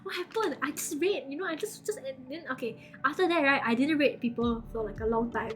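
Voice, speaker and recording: A woman's voice: high voice, a little fast. A woman streamer, casually telling her chat a story, acting out the quoted lines with lots of laughter. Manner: animated, acts out quoted lines, frequent laughter.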